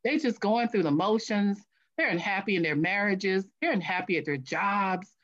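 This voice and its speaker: In a lo-fi recording, a woman with a mid-range voice speaks at a normal speed as an author and guest in an interview. She tells stories in an animated way, acting out what she and others said and playing her own past voice.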